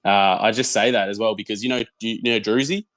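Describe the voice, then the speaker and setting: A young Australian man, a podcast guest, chatting casually and telling animated stories, often repeating words as he goes. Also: lowish voice, fast talker, a crowd in the background. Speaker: guest, football content creator.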